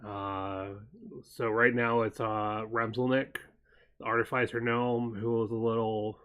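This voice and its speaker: A man co-hosting a casual chat show, wandering through his thoughts and pausing to recall details. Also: lowish voice, little pitch movement, clean tone, highs cut off. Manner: meandering, stops to recall details mid-sentence.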